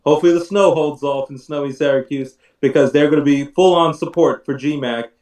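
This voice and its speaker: A chatty, jokey man, a fellow sportscaster, talking in a casual way. He sits away from the mic, so his fairly high voice sounds roomy and distant. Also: a little fast, darkish tone. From Bronx family, lived in Scranton. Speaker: sportscaster guest. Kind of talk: casual chat. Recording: echoey room, far from mic.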